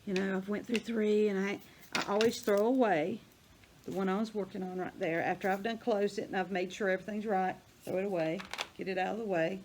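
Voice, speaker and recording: A woman's voice: mid-range voice, fairly even intonation, a little fast, background noise. Chatty older woman crafting. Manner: chatty, rambling, thinks aloud while working. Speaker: crafting vlogger. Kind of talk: casual hands-on craft demonstration.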